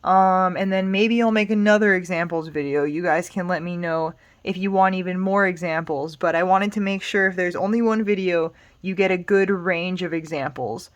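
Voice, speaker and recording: A woman teaching Spanish grammar in a relaxed, explanatory way, patient and reassuring, thinking aloud with small fillers. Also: lowish voice, moderate pace, hardly any pauses, dull audio. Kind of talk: casual explanatory lesson.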